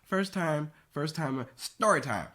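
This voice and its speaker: A man hosting a podcast, telling a story loudly and animatedly, often laughing. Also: fairly high pitch, expressive, measured pace. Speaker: podcast host. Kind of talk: casual chat.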